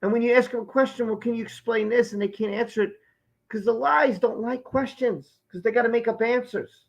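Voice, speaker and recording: A man with a high, husky, gravelly voice gives live-stream commentary and drives his points home by repeating them. The sound is muffled and lo-fi. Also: a little fast. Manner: emphatic, repeats key phrases.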